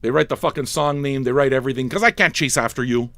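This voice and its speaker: A man hosting a livestreamed record show, ranting with constant swearing, yelling and mocking impressions. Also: medium pitch, fast talker, no room sound. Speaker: livestream radio DJ. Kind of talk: profane comic rant.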